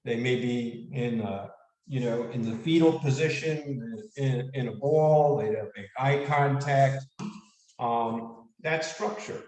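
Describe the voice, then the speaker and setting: A man giving an animated, casual motivational lecture who asks the audience questions. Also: medium pitch, takes it slowly. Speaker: speaker giving a leadership talk. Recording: echoey room, mic at a distance.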